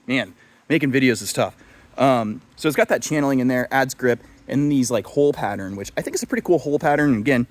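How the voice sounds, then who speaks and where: A man's voice: medium pitch, fast talker. A young man chatting casually in a video review, rambling with lots of fillers and self-deprecating asides. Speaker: knife reviewer.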